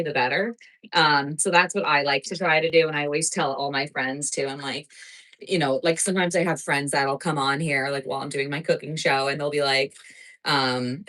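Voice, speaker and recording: A woman's voice: sits low, fairly bright tone, low-quality recording. A woman from New Jersey with a New Jersey accent, hosting a live cooking stream in a chatty, rambling way full of filler words. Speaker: cooking show host.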